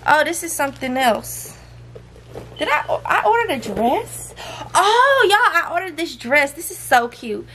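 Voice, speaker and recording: A woman's voice: high voice, big pitch swings, a little slow, bright, forceful tone. A young woman, chatting to viewers in a casual haul vlog and scolding her toddler now and then. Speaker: vlogger. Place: home. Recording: noisy home recording.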